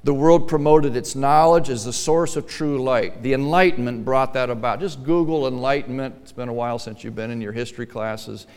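A man pastor preaching a sermon in a church, emphatic, dropping to quiet asides and then pressing hard on key lines. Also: mid-range voice, a little fast, hardly any pauses, long reverb tail.

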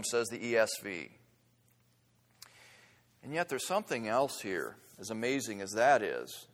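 A man's voice: medium pitch, fairly bright tone. A man preaching a sermon as pastor, earnest and building to fervent emphasis at points. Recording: long hall reverb.

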